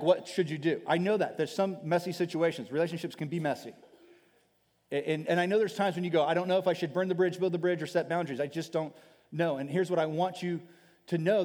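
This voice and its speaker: A man with a high voice preaches to his congregation, lively and emphatic, slipping into little acted-out quotes and repeating himself as he builds a point. His voice rings through a large hall with a long reverb. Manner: animated preaching, acts out quoted speech, repeats words. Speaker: pastor. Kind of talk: sermon.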